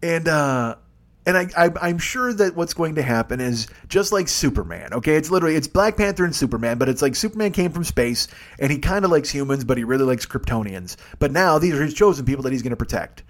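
A man's voice: a little high, big pitch swings, quick pace. A middle-aged man riffing profanely in a casual comedy rant.

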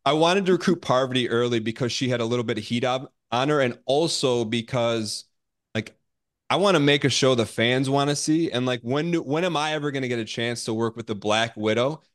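A man reality show contestant answering interview questions, often restarting his sentences. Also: medium pitch. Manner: halting, with many restarts and fillers.

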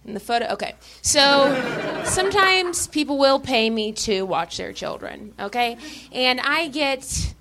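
A young woman doing a stand-up set on a club stage, talking in a deadpan, halting way with many restarts. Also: high-pitched, noisy background. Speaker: stand-up comedian.

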